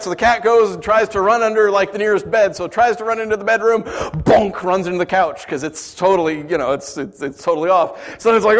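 A man preaching a sermon, swinging from hushed lines to emphatic ones and asking rhetorical questions. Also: high voice, fast, few pauses. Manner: rhetorical questions, storytelling asides. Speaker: pastor.

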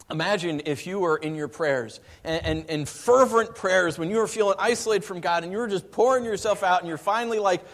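Impassioned male preacher, hushed to fervent. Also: fairly high pitch. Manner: swings from hushed and slow to impassioned pleading. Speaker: pastor. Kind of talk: sermon.

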